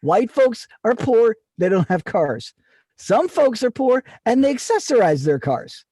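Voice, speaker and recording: Man, husky, high-ish voice, very animated pitch, teasing argumentative co-host, comedy podcast. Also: unhurried, no echo.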